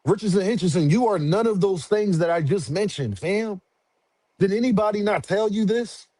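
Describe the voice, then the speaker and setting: A man holding forth on a livestream, loose and slangy, calling out to viewers as he rants. His voice sits a bit high for a man and comes across dry and close, with almost no room sound. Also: moderate pace, dry recording. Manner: slangy, animated, talks back to chat. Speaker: boxing commentary streamer. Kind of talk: casual livestream commentary.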